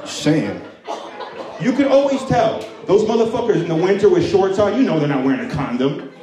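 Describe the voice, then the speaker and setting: A man's voice: high voice, big pitch swings, brisk. A man doing a stand-up set with crowd work in a comedy club, crude and often laughing at his own jokes. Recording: echoey room, mic from distance.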